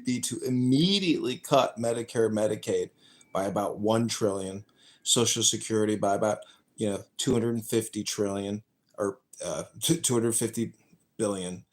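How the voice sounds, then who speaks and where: A man running for Congress, chatting casually, repeating a slogan and talking over others. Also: lowish voice. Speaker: congressional candidate. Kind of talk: casual political chat.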